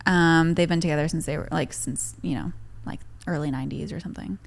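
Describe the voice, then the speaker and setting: A woman's voice: deep voice, steady tone, brisk, vocal fry. A woman from Michigan, a guest on a comedy podcast, telling stories in a chatty, giggly way full of fillers. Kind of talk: casual comedic chat.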